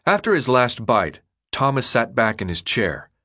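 A man narrating a novel in a measured, expressive way, his pitch sitting in the middle range but moving a great deal. He reads smoothly and steadily, giving each sentence its shape. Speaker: audiobook narrator. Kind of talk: scripted narration.

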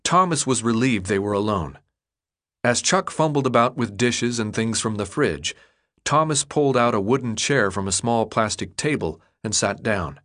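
A male audiobook narrator with a fairly low pitch reads a scripted text, telling the story in a measured and expressive way.

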